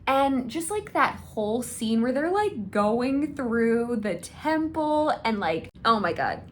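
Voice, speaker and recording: A young woman gushing in a casual fan rant. She is excitable and swears freely. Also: a little high, slow pace, slight background noise. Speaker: video creator.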